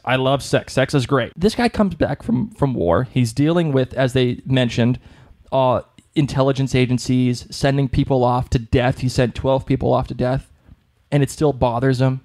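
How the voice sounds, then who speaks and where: A young man with a Boston accent chats loosely as a podcast co-host, circling back and restarting his sentences. His voice sits at an ordinary, middle pitch. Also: moderate pace, a little mellow. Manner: chatty, rambling, with frequent restarts. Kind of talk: casual chat.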